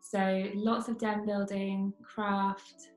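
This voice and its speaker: A woman's voice: medium pitch, little pitch movement, extremely slow, darkish tone, soft background music. A woman who is a youth worker and mother of two small children, chatting in an easygoing way. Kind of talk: casual conversation. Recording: echoey room.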